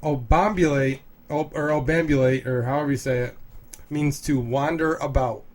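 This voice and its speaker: A man's voice: a little high, steady tone, darkish tone. A man co-hosting a casual podcast, quizzing the others on a word and teasing them. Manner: teasing quizmaster, quick denials. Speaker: co-host.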